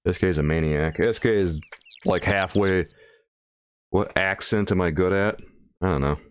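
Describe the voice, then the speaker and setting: A man's voice: low voice, normal speed, clean tone, no room sound. A man streaming a game late at night, tired, chatting and joking casually with his viewers. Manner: joking banter with chat, playful mock voices. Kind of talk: casual livestream commentary.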